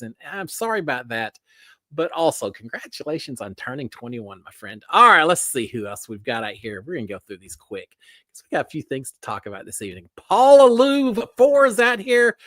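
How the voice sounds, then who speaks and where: Guy chatting on a livestream, kinda high voice, real bouncy, dry close sound. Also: sharp tone, no room sound. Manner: folksy, greets viewers by name, many fillers. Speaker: livestream host. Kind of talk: casual livestream chat.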